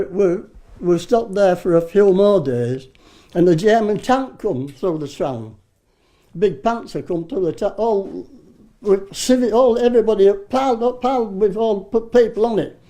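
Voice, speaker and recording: A man in his nineties tells old war stories in a loose, rambling way. He swears without a second thought and often stops to start a sentence again. His voice sits a little high for a man, with a dark, mellow tone. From Britain. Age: 90s. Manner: rambling, salty storyteller who swears freely and restarts often. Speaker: war veteran interviewee. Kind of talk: casual reminiscing.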